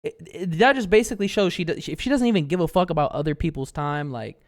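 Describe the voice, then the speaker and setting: A man's voice: a little high, expressive, fast talker. Slangy male co-host saying "bro". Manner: loose, slangy, says "bro" a lot. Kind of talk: casual reaction chat.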